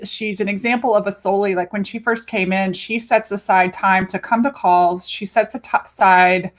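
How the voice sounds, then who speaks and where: A woman coach hosting her own podcast, talking casually with lively emphasis and free swearing. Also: medium pitch, normal speed. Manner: animated, chatty, swears freely, stretches words for emphasis. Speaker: life and business coach, podcast host.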